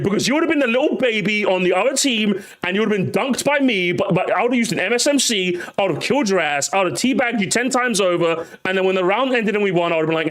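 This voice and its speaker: A man's voice: high voice, fast talker, fairly bright tone. A young man, chatting casually to his livestream viewers, ranting, swearing and laughing as he talks. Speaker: streamer.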